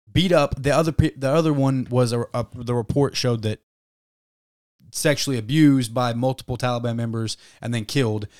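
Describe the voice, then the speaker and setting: A man's voice: mid-range voice, a little mellow, no echo, studio quality. A man co-hosting a casual podcast, ranting heatedly and swearing often. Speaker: podcast co-host.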